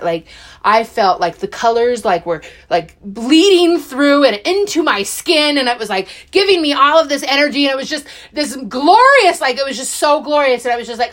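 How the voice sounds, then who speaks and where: A middle-aged woman telling a personal story in a chatty, animated way, full of fillers and acted-out quotes. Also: a little high, normal speed. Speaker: podcast guest.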